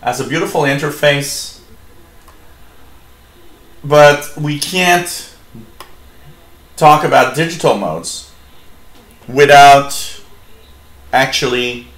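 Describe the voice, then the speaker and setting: Slow, rambling man in an echoey room. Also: on the high side, fairly bright tone. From Canada. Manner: rambling, many fillers and restarts. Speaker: shortwave radio show host. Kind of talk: live-streamed hobby radio talk.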